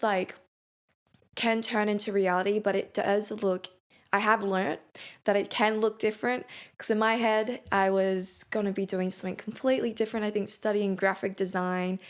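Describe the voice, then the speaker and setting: A young woman, a podcast guest, talking earnestly and reflectively in a casual late-night conversation. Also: medium pitch. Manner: earnest, reflective, laughs often.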